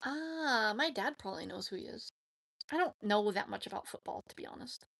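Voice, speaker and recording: A woman's voice: mid-range voice, lively intonation, brisk, gravelly, fairly bright tone. A woman, chatting casually with viewers on a livestream, giggly and rambling. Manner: chatty, giggly, talks to herself. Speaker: livestream host.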